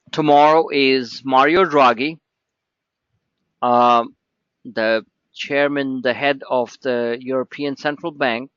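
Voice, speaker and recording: Guy running a trading webinar, rambly and jokey, sharp bright voice, dry muffled audio. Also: medium pitch, dry recording. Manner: rambling, with many restarts and asides; joking, informal. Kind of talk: live webinar talk.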